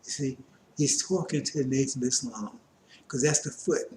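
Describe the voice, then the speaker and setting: A man's voice: medium pitch, moderate pace, a little mellow, slight background noise. Man teaching scripture in a roomy space. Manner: reads verses aloud and explains them loosely, with many asides. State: coughing, strained voice. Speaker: religious teacher.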